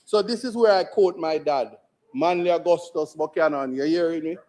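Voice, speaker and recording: In the chamber, a Jamaican opposition member of parliament speaks forcefully and rhetorically, repeating certain lines for emphasis. His pitch is fairly high, and his pace is normal.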